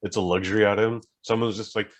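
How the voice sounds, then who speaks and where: A man with a fairly low voice trades dry, deadpan jokes as a podcast co-host. His delivery stays casual and understated. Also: quick pace, dull audio. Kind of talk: casual comedic chat.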